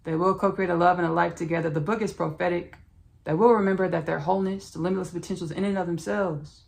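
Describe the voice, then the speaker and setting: Black podcast lady, low gravelly voice, loose rambly spiritual chat. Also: quick pace. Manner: relaxed, rambling, spiritual talk with restarts. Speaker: podcast host. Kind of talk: casual podcast intro and self-promotion.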